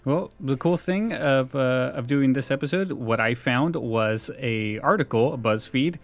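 A man's voice: mid-range voice, measured pace, faint music behind. A man co-hosting a casual podcast, rambling and self-deprecating. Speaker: podcast co-host. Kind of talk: casual chat.

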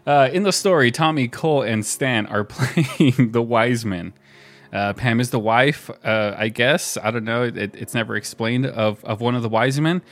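A man casually retelling a sitcom episode as a podcast co-host, relaxed and chuckling often. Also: medium pitch, moderate pace. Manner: relaxed storytelling with frequent laughs and fillers. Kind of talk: casual chat.

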